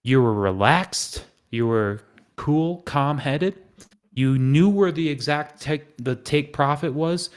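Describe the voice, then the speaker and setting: A man's voice: fairly high pitch, slow pace. A man hosting a live trading stream, talking casually and acting out panicked traders' thoughts. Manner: animated, acts out panicked inner voices.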